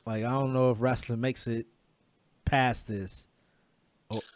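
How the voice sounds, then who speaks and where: A man's voice: mid-range voice, flat delivery, unhurried, dry recording. A man hosting a podcast, asking questions and cracking jokes. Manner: inquisitive, joking. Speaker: podcast host. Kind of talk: casual podcast chat.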